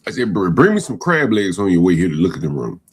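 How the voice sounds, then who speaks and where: A husky man hosting a live call-in show, his voice jumping up and down as he badgers a caller. He fires the same question again and again, confrontational and impatient. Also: low-pitched, very animated, quick pace.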